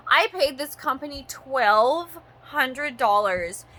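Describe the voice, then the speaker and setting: A woman's voice: high voice, lively intonation, unhurried, few pauses, bright, forceful tone. A woman in her thirties from Canada, ranting in a vlog monologue, swearing often and rambling with lots of "like" fillers. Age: 30s. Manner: profane, rambling, frequent "like" fillers.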